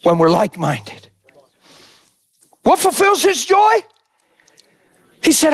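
A male preacher delivering an impassioned sermon that swings between shouted lines and soft, intimate asides. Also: extremely high pitch, wildly swooping pitch, takes it slowly, pauses often, no room sound.

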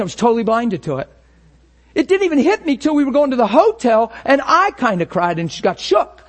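Male pastor, high voice, conversational sermon, acts out inner thoughts, laughs easily.

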